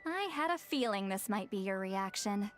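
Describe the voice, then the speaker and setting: A woman's voice: medium pitch, lively intonation, normal speed, soft background music, lightly acted. A woman voicing a dry, teasing young mage. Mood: wry. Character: wry young female mage posing as a granny.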